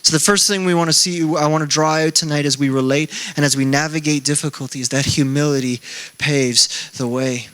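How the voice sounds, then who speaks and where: Young male pastor, bright, slightly high voice, self-mocking conversational sermon style. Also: fairly even intonation, fairly quick, clear, resonant tone. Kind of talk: sermon with casual storytelling.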